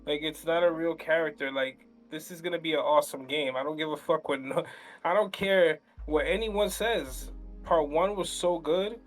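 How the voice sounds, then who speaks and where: Blunt, swearing, higher-voiced podcast guy. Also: normal speed, faint music behind. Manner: blunt, heated, swears a lot. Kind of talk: casual chat.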